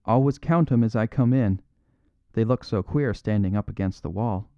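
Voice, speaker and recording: A man voicing an eager, boyish young aristocrat who talks with excited, emphatic insistence. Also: lowish voice, moderate pace, no echo, highs cut off, close to an everyday voice.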